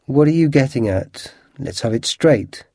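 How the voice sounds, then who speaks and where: A man voicing a quick-tempered working-class goose seller who blusters and boasts in a storybook reading. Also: fairly high pitch, warm tone, dry recording, studio quality, voice pushed up. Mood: indignant.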